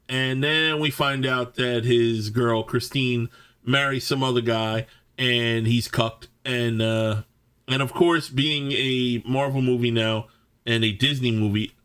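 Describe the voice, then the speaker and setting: A man's voice: mid-range voice, a bit bright. Heated male reviewer, cursing, tripping over his words, casual monologue. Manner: profane, stammering restarts, many fillers. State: angry. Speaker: movie reviewer. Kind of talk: ranting film review monologue.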